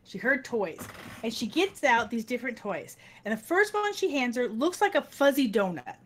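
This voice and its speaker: A woman hosting a game stream, telling a story in a casual, animated way and acting out other people's voices. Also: on the high side, moderate pace. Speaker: host.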